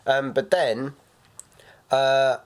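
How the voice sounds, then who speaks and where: A man's voice: mid-range voice, level tone, very slow. Young guy, mid voice, chill storyteller on a podcast. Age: young adult. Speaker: podcast co-host. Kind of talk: casual chat.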